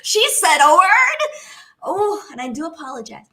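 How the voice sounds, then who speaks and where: A woman chatting as a guest on a podcast, animated and quick to laugh, into a studio condenser mic. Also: extremely high pitch. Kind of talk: casual podcast chat.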